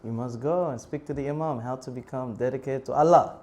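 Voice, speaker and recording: Casting: man in his thirties, animated storyteller in a temple talk, mid-pitched voice, laughs a lot. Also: a little fast. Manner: animated, laughs often, bursts into shouted prayers. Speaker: monk preacher.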